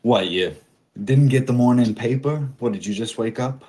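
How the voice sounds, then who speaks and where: A man's voice: medium pitch, moderate pace, mellow, husky, pitched above the performer's own voice, lightly acted. A man voicing a mocking, falsely polite male clown working as security. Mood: teasing. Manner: mock-polite, teasing.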